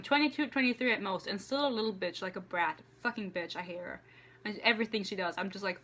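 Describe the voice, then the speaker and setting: A woman's voice: mid-range voice, quick pace, bright, forceful tone. Fired-up young woman ranting about a book. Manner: heated, profane, exasperated ranting. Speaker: book reviewer. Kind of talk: casual ranting book review. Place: home room with a PC.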